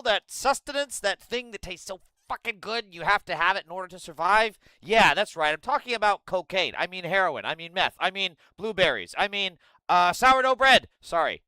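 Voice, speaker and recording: A man hosting a livestream, ranting profanely and sarcastically and breaking into yelling outbursts. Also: sits high, animated, normal speed, hardly any pauses, smooth, no echo. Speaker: livestream host.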